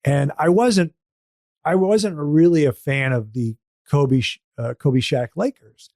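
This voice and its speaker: A man hosting a talk show, chatting casually and reading ads with deadpan humor. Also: a little high, unhurried, no room sound, studio quality. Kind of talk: casual chat and ad read.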